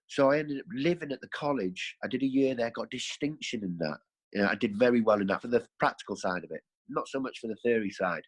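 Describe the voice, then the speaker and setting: A man's voice: mid-range voice, fairly quick, breathy edge, rough recording. A man, a podcast guest, telling his life story in a rambling, earthy way, correcting himself as he goes. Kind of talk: candid storytelling.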